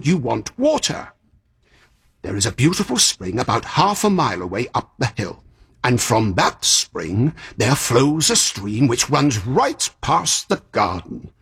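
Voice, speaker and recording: An actor playing a kindly, fussy old magician in a radio drama, chatty and musing, sighing and yawning, with a breathy, husky voice. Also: male voice, fairly high pitch, fairly bright tone, heavily acted. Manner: chatty and musing, with sighs and yawns.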